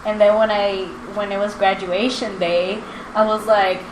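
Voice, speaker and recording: A woman in her twenties chatting casually and telling a story, animated, with lots of fillers and acted-out quotes. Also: mid-range voice, measured pace. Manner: animated, filler-heavy, acts out quotes with laughter. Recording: roomy with background noise.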